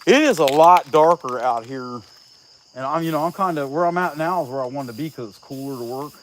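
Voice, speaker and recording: A man's voice: on the high side, brisk, a little hiss or hum, low-quality recording. A man from Southeast Ohio with a country Appalachian-leaning accent, chatting casually and joking with viewers while he works outdoors. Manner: folksy, joking, reads out viewer names. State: out of breath. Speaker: chainsaw carver livestreaming. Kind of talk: casual livestream chat while working. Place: outdoors at a rural carving spot.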